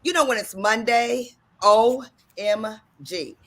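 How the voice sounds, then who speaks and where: A woman's voice: on the high side, takes it slowly, a bit bright. A woman from the Washington DC area hosting a radio talk show, enthusiastic and bubbly, often repeating her phrases.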